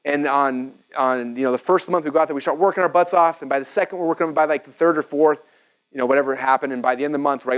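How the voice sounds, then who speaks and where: Guy rattling thru a business seminar at a whiteboard, quick and excitable, keeps asking okay? right?. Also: a little high, clean tone, low-quality recording. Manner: energetic, chatty, frequent "okay?" and "right?" check-ins. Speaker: speaker teaching business marketing. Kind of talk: live seminar teaching with a whiteboard.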